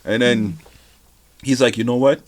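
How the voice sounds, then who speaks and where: A man telling a story in casual chat as a podcast guest, relaxed and rambling, with lots of fillers and laughs. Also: mid-range voice, unhurried.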